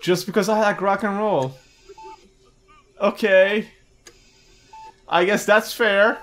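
A man's voice: high-pitched, fairly even intonation, takes it slowly, fairly bright tone, faint music behind. A young man commentating a video game playthrough in a goofy, jokey way, swearing and laughing. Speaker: gaming video host. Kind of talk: let's play commentary.

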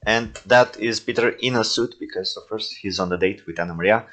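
A young man with a deep, low voice talks casually through his homemade toy films, often stopping to say "uh" and correct himself. English is not his first language, and his delivery stays loose and rambling. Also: a little fast, a bit bright. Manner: rambling, with frequent fillers and self-corrections. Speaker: toy film creator commenting on his own movies. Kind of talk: casual reaction commentary.

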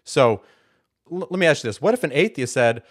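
A man teaching from scripture in an emphatic, persuasive way. His pitch rises and falls with plenty of life as he repeats words for stress. He keeps posing rhetorical questions and then answering them himself. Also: animated, brisk. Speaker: online Bible teacher. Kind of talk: Bible teaching commentary.

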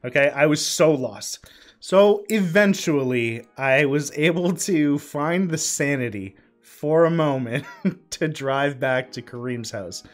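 A man in his twenties telling a story from his past in a casual vlog, swearing freely, breaking into laughter mid-sentence and filling pauses with ums. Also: a little high, soft background music. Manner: lots of ums and uhs. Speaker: vlogger.

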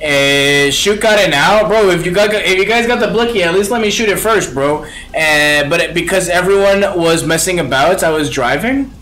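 A young man streaming a video game live, chatting excitably to viewers in slang and calling everyone bro. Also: high voice, moderate pace, hardly any pauses. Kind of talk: live gameplay commentary.

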